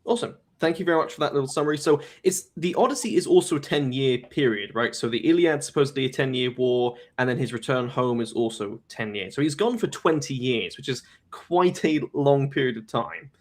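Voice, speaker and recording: A man at a mid pitch hosts a live-streamed talk. He lays out his views in a measured, analytical way and states his opinions firmly. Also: lively intonation. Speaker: host.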